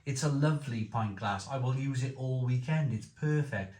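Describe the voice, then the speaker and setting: A man's voice: mid-range voice, moderate pace, darkish tone. Enthusiastic man reviewing beer. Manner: enthusiastic, repetitive, rambling. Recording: echoey room with faint noise.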